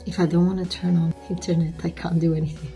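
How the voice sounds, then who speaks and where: Stressed woman with a gravelly voice, sick. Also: on the low side, little pitch movement, fast, dark tone, faint music behind. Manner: candid, stressed, confiding. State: sick, coughing. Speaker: vlogger. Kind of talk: personal video diary.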